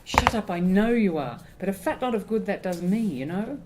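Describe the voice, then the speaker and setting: A woman's voice: on the low side, animated, brisk, background noise, close to an everyday voice. A woman reading as a bitter, sarcastic injured young woman. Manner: cutting, sarcastic.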